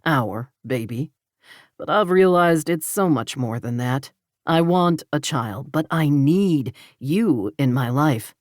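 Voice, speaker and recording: A man's voice: fairly high pitch, lively intonation, takes it slowly, no echo, clean studio sound. A woman voicing a lovesick rancher man, earnest and pleading, in an audiobook romance.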